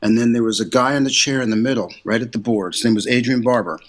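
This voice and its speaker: An older man, an interview guest, telling career stories in a casual, animated way and acting out quotes in a raised voice. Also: medium pitch, fast talker. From United States. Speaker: interview guest, recording engineer and producer.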